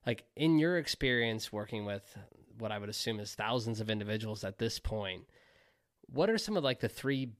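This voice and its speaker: A man's voice: lowish voice, expressive, normal speed, no room sound. Affirming male podcast host, dry sound. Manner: affirming, says "I love that" often. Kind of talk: interview questions.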